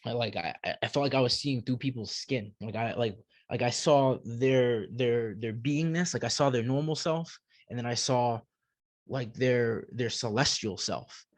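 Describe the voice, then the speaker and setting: A man speaks as a podcast guest recounting his own story, starting and restarting phrases and repeating words before he finds the next thought. His voice sits at an ordinary middle pitch, and the sound is close and dry, with no room around it. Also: no room sound. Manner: halting, repeats words while searching for them. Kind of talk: personal storytelling.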